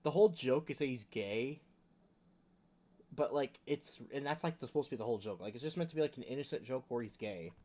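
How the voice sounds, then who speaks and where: A man's voice: mid-range voice, lively intonation, a little fast, darkish tone. A man hosting a gaming video, talking in a rambling, casual rant full of filler words. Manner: rambling, chuckling, heavy use of filler words.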